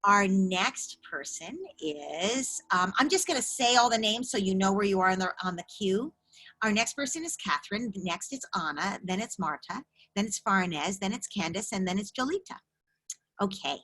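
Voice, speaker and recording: A middle-aged woman speaks at an ordinary pitch, coaching parents with empathy and a direct manner. She talks to callers over a video call during an advice session. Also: lively intonation, moderate pace, sharp tone. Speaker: parenting expert hosting call-in office hours.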